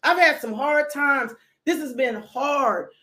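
High-voiced woman preaching fervently. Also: takes it slowly. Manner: fervent, with sudden shouts and repeated pleas. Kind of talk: impassioned sermon. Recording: echoey room.

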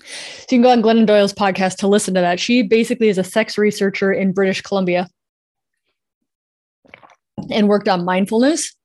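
A woman's voice: mid-range voice, steady tone, a little fast, long pauses, a little mellow. A woman hosting a live podcast, answering listener questions in a chatty way with many fillers. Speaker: podcast host and sexual health coach. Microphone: headphones with mic.

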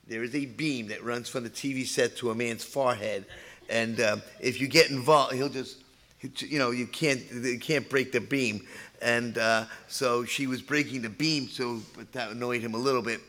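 A man's voice: mid-range voice, steady tone, moderate pace, bright, forceful tone. An older man, a pastor, telling a humorous story in a sermon, chatty and full of asides. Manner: chatty, humorous, acts out voices.

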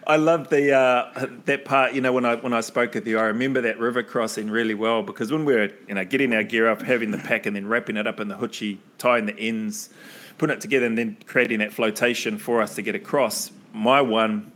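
A man's voice: medium pitch, fairly even intonation, brisk. Earnest New man reminiscing. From New Zealand. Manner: warm, earnest, laughs often. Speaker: podcast host. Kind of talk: casual reminiscing conversation.

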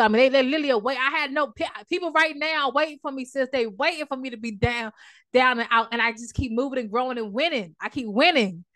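A woman's voice: on the high side, fairly quick, a bit bright. A woman relationship coach speaks straight to her viewers in a casual vlog. She is emphatic and repeats her points often. Her talk slides into preaching, with church phrases and prayer. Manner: uses church language and prayer.

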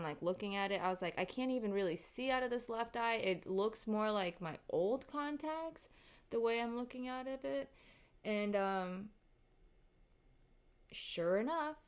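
A woman's voice: medium pitch, measured pace, clean tone. Rattled woman telling a story, swearing freely. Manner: animated, profane, rattled storytelling. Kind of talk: casual storytime monologue.

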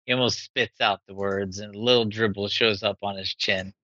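A man narrating a tabletop game as game master, slowly and haltingly, with frequent fillers. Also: on the low side, steady tone, bright, forceful tone, no room sound, dull audio.

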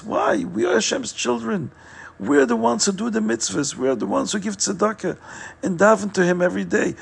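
A simple farm wife pleads insistently through her tears, put on by a male storyteller. The voice is lifted high but keeps a gravelly, husky grain. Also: heavily acted.

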